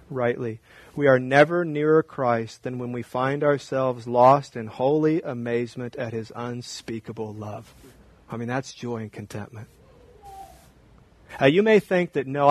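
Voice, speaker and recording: A man in his thirties preaching a sermon, swinging from hushed, intimate talk to raised, emphatic repetition. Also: mid-range voice, dry recording, poor audio. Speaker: pastor.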